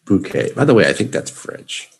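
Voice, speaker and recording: In a live English lesson, a man from Chicago, United States, speaking with the local accent, goes over vocabulary and gets students to echo each word. His lowish voice is gravelly with a breathy edge, moves through big pitch swings, and keeps a normal speed.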